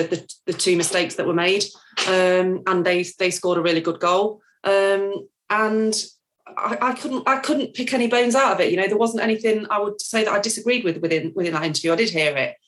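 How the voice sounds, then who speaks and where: A woman's voice: fairly low pitch, a little hiss or hum. A woman talking about football on a podcast. She talks in a hesitant way, with frequent ums and restarts. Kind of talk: casual chat.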